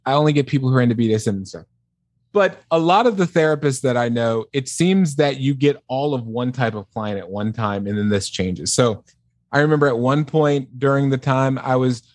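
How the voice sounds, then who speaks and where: A man, a sex therapist, talking casually and explaining things in a measured way, often restarting his sentences. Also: mid-range voice, no echo, clean studio sound. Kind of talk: casual podcast conversation.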